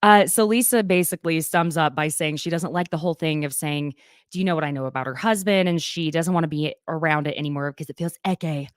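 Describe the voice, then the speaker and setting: A woman's voice: low-pitched, quick pace, dry recording, studio quality. A young adult woman with a slight Southern accent, hosting a casual gossip recap and laughing often. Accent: Southern American. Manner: chatty, laughs often, reads quotes aloud. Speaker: podcast host.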